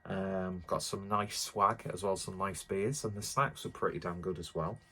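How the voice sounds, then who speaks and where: A man's voice: deep voice, steady tone, moderate pace, pushed and bright, breathy edge. Breathless, rambling man reviewing beer. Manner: rambling, self-deprecating, many fillers. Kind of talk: casual beer review vlog.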